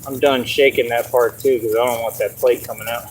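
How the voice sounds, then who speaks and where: A man vlogging casually about his fitness training, rambling and breaking into high squeaky shouts. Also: steady tone, fairly quick, slight background noise, rough recording. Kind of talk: casual vlog talk to camera.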